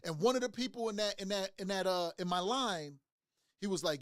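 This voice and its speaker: Man, motivational storyteller, slangy, repeats himself, fairly high voice, dry sound. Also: a little fast, no room sound. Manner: animated, repeats words, slangy street talk. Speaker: motivational speaker.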